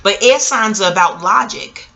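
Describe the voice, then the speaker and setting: A woman, telling a personal story in a casual vlog. She talks in an animated, profane, slangy way. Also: normal speed, gravelly. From Queens, New York. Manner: animated, profane, street slang, jumps up in pitch for quoted voices. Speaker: vlogger.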